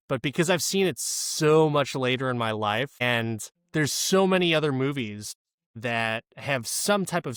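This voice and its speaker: A man's voice: medium pitch, a bit bright, clear, resonant tone, dry recording, studio quality. A man co-hosting a podcast, chatting casually about a movie in rambling sentences and swearing freely when he gets going. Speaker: podcast co-host. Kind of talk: casual movie-review chat.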